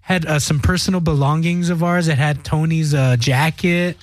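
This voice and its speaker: A man's voice: on the high side, steady tone, moderate pace, dry recording. A young man co-hosting a casual podcast, telling a story in a rambling, heavily profane way. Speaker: podcast co-host. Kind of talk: casual chat.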